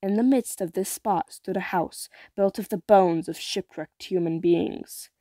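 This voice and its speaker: A woman narrating a fairytale in a measured, expressive way. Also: medium pitch, no echo. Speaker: storyteller. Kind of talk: fairytale read-aloud.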